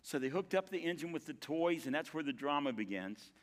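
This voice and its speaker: Older preacher with folksy storytelling. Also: male voice, a little high, animated, long reverb tail. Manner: folksy storytelling, dramatic pauses. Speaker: pastor. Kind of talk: sermon. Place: church sanctuary.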